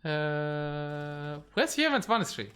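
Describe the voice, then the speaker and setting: Live game caster at a desk mic, talking in a bouncy, up-and-down voice at a middling pitch, thinking out loud and reacting to the match with keyboard clacking now and then behind. The delivery is chatty and unscripted. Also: sing-song, slow pace, clear, resonant tone.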